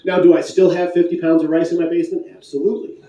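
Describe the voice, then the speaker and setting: A man's voice: on the high side, level tone, fast talker, mellow, muffled recording. A man from Michigan giving a playful, pun-filled talk at a conference, chatting with the audience. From Michigan, USA. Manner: punning, playful, chatty with the crowd. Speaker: conference speaker. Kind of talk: joking live talk to an audience. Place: conference hall. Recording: echoey hall from far off.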